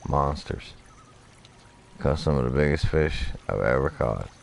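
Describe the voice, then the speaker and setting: Man, streamer, casual gameplay chatter, profane, rambling, very low voice, gravelly. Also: expressive, a little slow, a little hiss or hum.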